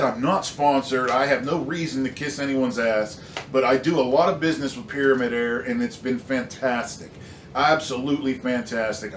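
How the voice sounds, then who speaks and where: A man reviews airgun pellets in a casual, rambling way, full of fillers and frustrated emphasis. His voice sits at an ordinary pitch. It rings around a hard room, picked up from a short distance with a faint hiss underneath. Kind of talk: casual product review rant. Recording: echoey room, slightly distant mic, faint noise.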